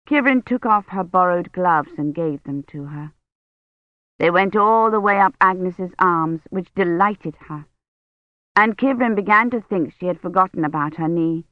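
A woman narrating an audiobook in a measured, even storytelling manner. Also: fairly low pitch, no echo, muffled recording. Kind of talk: scripted narration.

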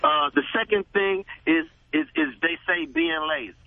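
A man's voice: fairly high pitch, normal speed. A male caller on a radio talk show, speaking emphatically in slangy speech and repeating phrases. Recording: tinny phone line.

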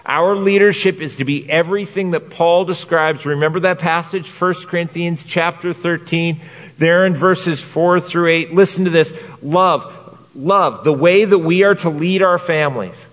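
A man preaching a sermon to men in an earnest, measured way, repeating phrases for emphasis. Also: fairly high pitch, a bit bright, long reverb tail. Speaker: pastor.

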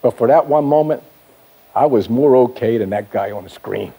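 An older man, a sales trainer, telling a childhood story in a seminar talk, with chatty asides to the audience and a voice that climbs as the excitement builds. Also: medium pitch, normal speed, gravelly, slightly rough.

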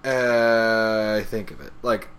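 A male podcast co-host in casual chat, joking and halting with repeated starts. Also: on the low side, flat delivery, heavy background noise.

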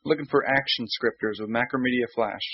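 A man's voice: medium pitch, brisk, breathy edge, dry recording, muffled recording. A man co-hosting a casual radio show, giving brief agreeable replies and short explanations.

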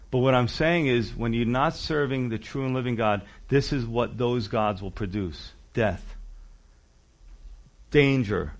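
Male pastor, sermon, emphatic and chatty, slightly higher voice. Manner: animated, emphatic, conversational asides.

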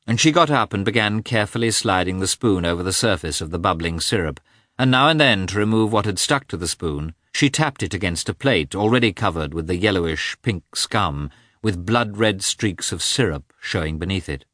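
Man with a low, lively reading voice. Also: moderate pace, no echo, clean studio sound. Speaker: narrator. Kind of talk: audiobook reading of a classic novel.

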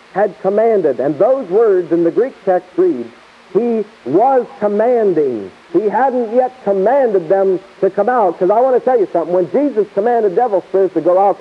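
High husky-voiced male Bible teacher. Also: lively intonation, moderate pace, hardly any pauses. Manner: emphatic and repetitive, chuckling asides. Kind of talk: sermon-style Bible teaching. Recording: tinny lo-fi phone-like tape.

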